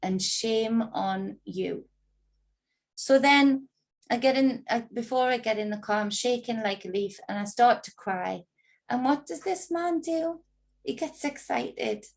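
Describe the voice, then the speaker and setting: A woman's voice: on the high side, a little slow, gravelly. A woman telling a personal story in an agitated, indignant monologue, swearing freely. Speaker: spiritual reader recounting an ordeal.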